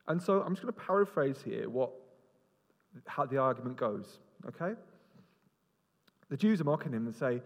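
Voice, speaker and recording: A fairly high-pitched male preacher keeps a moderate pace but leaves long pauses. His interactive sermon is playful and energetic as he kids with volunteers and tells them where to move on stage. The large hall adds a long reverb.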